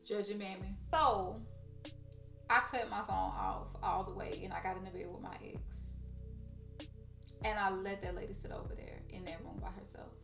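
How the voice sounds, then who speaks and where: A woman's voice: medium pitch, steady tone, moderate pace, gravelly, fairly bright tone, far from the mic. A woman vlogger telling a story in casual chat, blunt and profane, talking straight to her viewers. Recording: roomy echo, off-mic, faint music.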